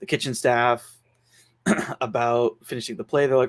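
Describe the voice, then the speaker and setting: Man, mid-pitched voice, podcast host, rambling, lots of fillers. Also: fairly even intonation, normal speed, long pauses. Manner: rambling, filler-heavy plot retelling. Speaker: podcast host reviewing a film. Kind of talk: casual podcast chat.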